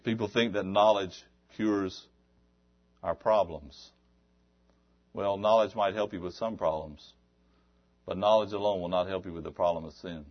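A man preaching a sermon, shifting between quiet talk and loud, exhorting passages. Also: sits low, fairly even intonation, unhurried, pauses often, muffled recording.

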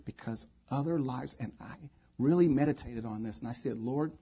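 A man's voice: medium pitch, brisk, husky. A male pastor delivering a sermon, preaching emphatically with repeated phrases, on a dull lo-fi recording.

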